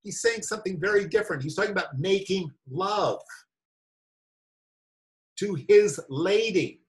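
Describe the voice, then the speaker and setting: A man's voice: high voice, measured pace, rough recording. A man giving a rambling, incredulous commentary as a meditation teacher. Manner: animated, incredulous, rambling asides. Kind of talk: reading and commentary on a spiritual talk.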